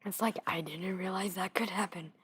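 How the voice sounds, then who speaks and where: A young woman reading a storybook in a soft whisper into a close mic, with casual chatty asides. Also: on the low side, steady tone, moderate pace, slightly rough. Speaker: gaming video host reading aloud.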